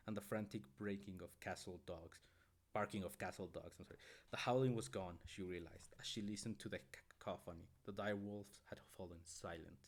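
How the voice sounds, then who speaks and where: A man with a deep, low voice reads a novel aloud for his stream. He often trips over words and goes back to correct himself mid-sentence. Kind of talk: reading a book aloud.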